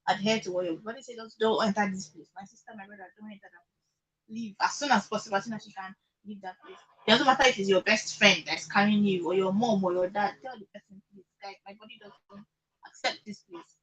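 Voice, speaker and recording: A woman's voice: medium pitch, fairly even intonation, fast talker, fairly bright tone, rough recording. A Nigerian woman guest giving firm advice and repeating her warnings.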